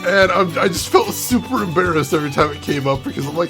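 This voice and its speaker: Brief: a chatty streamer guy with a slightly raised, gravelly voice over game music. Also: a little high, lively intonation, fast talker, few pauses. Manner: chatty, chatting with chat, laughing often. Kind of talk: casual live-stream commentary.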